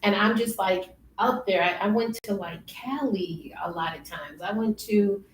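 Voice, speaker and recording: A young woman telling stories in a casual interview, lively and often laughing. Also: mid-range voice. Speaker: interview guest. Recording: roomy, distant, faint noise.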